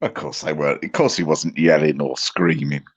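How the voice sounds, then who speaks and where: A man's voice: extremely low pitch, moderate pace, husky. A man with an English accent, a guest in a casual online panel chat, talking dryly and laughing often. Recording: muffled lo-fi mic.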